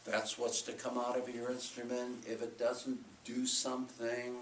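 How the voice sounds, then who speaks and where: A man's voice: medium pitch, completely flat delivery, a little slow, few pauses, a little hiss or hum. An older man giving a college lecture on music teaching, breaking into sung solfège and chanted rhythm syllables to demonstrate. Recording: roomy hall recording from far off.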